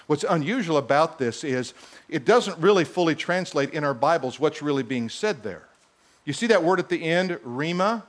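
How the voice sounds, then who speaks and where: A man preaching a sermon, emphatic and repetitive, firing rhetorical questions at his listeners. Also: medium pitch.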